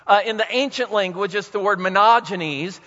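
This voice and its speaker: A male pastor preaching a sermon with dramatic pauses, swinging between soft and loud emphasis, in a church hall. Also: sits high. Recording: dull recording in a reverberant hall.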